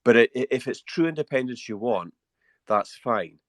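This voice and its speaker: A Scottish Highland man speaking as a guest in a live audio-room discussion, blunt and emphatic, often repeating words as he starts. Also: animated, moderate pace, no room sound. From Scotland.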